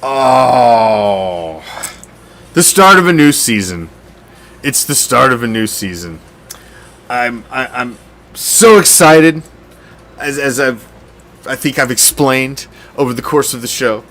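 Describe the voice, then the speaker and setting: A man's voice: mid-range voice, lively intonation, takes it slowly, long pauses, fairly bright tone. A man hosting a fan sports show, ranting in a heated, sarcastic and profane way, with loose stumbling restarts. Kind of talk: casual ranting commentary.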